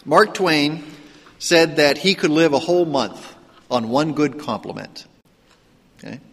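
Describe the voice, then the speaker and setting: In a church sanctuary, a Pittsburgh pastor with a trace of the local accent preaches conversationally, full of rhetorical questions and restarts. His fairly high voice is gravelly and a bit bright, delivered a little slowly with a long reverb tail.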